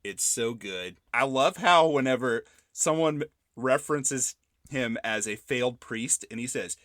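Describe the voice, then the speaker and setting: A man in his thirties co-hosting a podcast, joking about a movie in an animated way with quick laughs. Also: mid-range voice, no echo, clean studio sound. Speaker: podcast co-host. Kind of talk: casual movie review chat.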